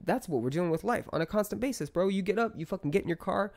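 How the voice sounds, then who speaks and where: This podcast guest, a man in his thirties, launches into a story during casual chat, swearing heatedly with his pitch climbing as he gets worked up. He's animated and quick, with hardly any pauses and a darkish tone.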